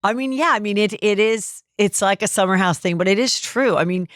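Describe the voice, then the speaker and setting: A woman hosts a gossip podcast, chatting casually at a medium pitch. She tells stories animatedly and slips into the voices of the people she quotes. The room sound is dry and close. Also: a little fast, no room sound. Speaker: podcast host.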